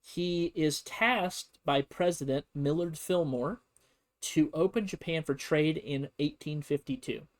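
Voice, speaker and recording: A man's voice: fairly high pitch, a little slow. A man casually teaching history on a stream, rambling and joking with lots of fillers. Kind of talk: casual comedic history lesson.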